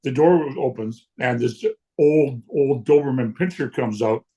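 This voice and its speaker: A man in his sixties spins stories in relaxed conversation. He is lively and blunt, slipping into the voices of other people and cursing without a second thought. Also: medium pitch, measured pace. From Canada. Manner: lively storyteller who acts out quotes and swears freely. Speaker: guest punk musician. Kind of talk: casual storytelling.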